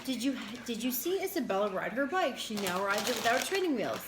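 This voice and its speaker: A woman with a slightly high voice chats bluntly over a meal and teases often. The room is echoey, and faint noise sits underneath her voice. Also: sing-song, brisk. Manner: teasing, laughing, blunt. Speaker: co-host. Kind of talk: casual chat while eating. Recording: roomy with faint background noise.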